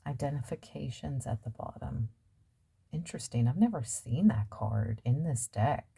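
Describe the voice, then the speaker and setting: A woman's voice: a bass voice, animated, normal speed, creaky, warm tone, husky. A woman giving a casual tarot reading, musing aloud and trailing off with fillers as she turns over cards. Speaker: tarot reader.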